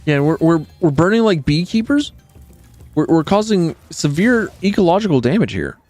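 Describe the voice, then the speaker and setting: A man's voice: fairly high pitch, very animated, normal speed, a little mellow, faint music behind. A man streaming a video game, giving rambling, sarcastic commentary with frequent restarts. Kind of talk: casual gameplay commentary.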